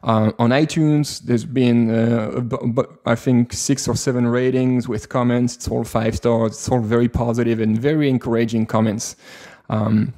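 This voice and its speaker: A man with a French accent co-hosting a tech podcast in a relaxed, rambling way with many fillers. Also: mid-range voice, normal speed. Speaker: podcast co-host. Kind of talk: casual podcast chat.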